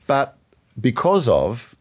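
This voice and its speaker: A man's voice: medium pitch, huge pitch swings, slow. A man in an easygoing two-person Bible discussion, explaining doctrine in an earnest, teaching manner with many "you know"s. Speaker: co-host of a Bible teaching show.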